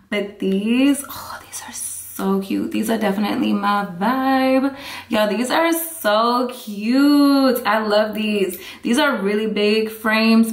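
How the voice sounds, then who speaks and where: A woman, chatting upbeat and casual to her viewers as a vlogger. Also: medium pitch. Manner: chatty, upbeat, talks straight to viewers with "y'all". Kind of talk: casual chat to camera. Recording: echoey room.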